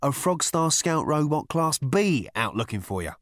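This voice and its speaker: A man's voice: on the high side, very animated, normal speed, no echo, clean studio sound, pitched above the performer's own voice. A man voicing a short, weather-beaten stranger who speaks in clipped, urgent hisses.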